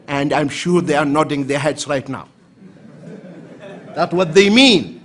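Male lecturer from the Emirates, high, bright and lively delivery, acts out characters in anecdotes. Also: measured pace, long pauses. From United Arab Emirates. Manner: animated storyteller, acts out quoted voices for humor. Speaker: Islamic lecturer. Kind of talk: conference lecture with acted anecdotes.

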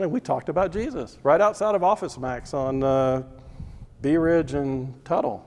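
A man's voice: a little high, moderate pace, darkish tone. A man teaching a Bible class as a sermon, preaching emphatically with repeated phrases and rhetorical questions. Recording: long reverb of a large hall.

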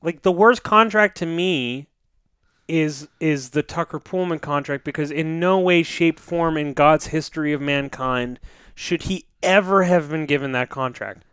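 A man chats on a hockey podcast, rambling from one joke to the next with plenty of swearing and mumbled asides. His voice is smooth and clear, recorded close on a mic in a dead, dry room. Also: on the high side, measured pace, a bit bright, no echo. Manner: rambling, joking, profane, trails off into mutters. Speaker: podcast co-host. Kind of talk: casual podcast banter.

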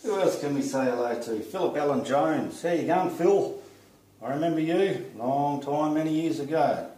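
A man with an Australian accent, casually greeting friends in a friendly, unhurried way while he paints. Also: on the high side, animated, dark tone. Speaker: artist vlogger. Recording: roomy echo, distant mic.

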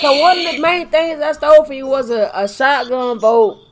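A woman streaming a shooter game, chatting loudly and profanely with a friend over a headset, her throat strained as if her voice is giving out. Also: high voice, steady tone, moderate pace, over music. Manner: loud, profane, teasing banter. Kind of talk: casual gaming chat. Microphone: gaming headset.

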